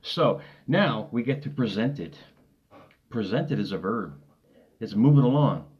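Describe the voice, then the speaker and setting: A man's voice: mid-range voice, animated, measured pace, dull audio. A man giving an early-morning motivational talk from his desk, upbeat and rambling, laughing often and repeating himself. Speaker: motivational coach. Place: home desk.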